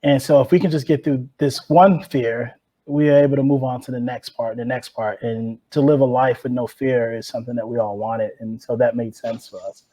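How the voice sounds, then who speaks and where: A man from Chicago's West Side, a guest on a podcast, telling a personal story with lively energy and acted-out quotes. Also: medium pitch, normal speed. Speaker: guest, rower and author.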